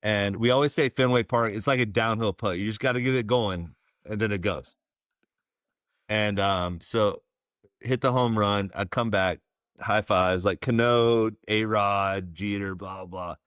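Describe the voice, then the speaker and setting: A man in his forties, a former ballplayer, telling stories as a podcast guest in a relaxed, rambling way with plenty of fillers. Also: on the low side, unhurried, clear, resonant tone, no room sound. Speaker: guest, former pro baseball player. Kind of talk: casual storytelling interview.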